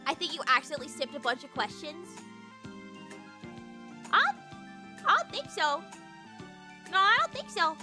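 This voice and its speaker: A woman's voice: extremely high pitch, sing-song, normal speed, pauses often, sharp tone, faint music behind. A woman streamer in casual, bubbly, profane chat with her viewers.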